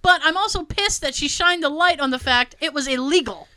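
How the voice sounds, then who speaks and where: A woman in her thirties hosting a casual chat, animated and profane, laughing often. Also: sits high, brisk. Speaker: podcast host.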